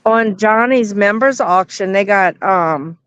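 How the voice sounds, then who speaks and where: A woman co-hosting a live chat with a friend, easygoing and chatty, quick to agree and chime in. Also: medium pitch, a bit bright, smooth, no echo. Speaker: co-host of a live chat show. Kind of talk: casual chat between friends. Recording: dull, dry lo-fi audio.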